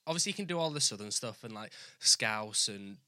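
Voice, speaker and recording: Bright-toned Yorkshire man hosting. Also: fairly low pitch, expressive, brisk, no room sound, studio quality. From Northern England. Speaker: interview host. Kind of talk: casual interview chat.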